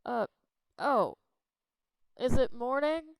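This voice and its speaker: A woman's voice: on the high side, expressive, takes it slowly, creaky, no echo, voice pushed up, exaggerated voice, poor audio. A woman voicing a drowsy, lazy young male bard who mumbles sleepily. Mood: sleepy.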